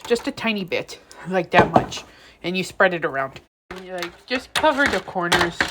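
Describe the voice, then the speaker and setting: A woman's voice: medium pitch, fairly bright tone. A young woman casually narrating a home cooking vlog in her kitchen, joking and rambling with offhand asides. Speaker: home cook.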